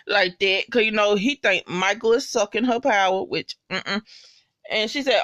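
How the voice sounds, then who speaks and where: A woman giving a casual, slangy, profanity-laced spoken recap of a TV episode, loud and gushing. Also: on the high side, normal speed, no room sound, dull audio.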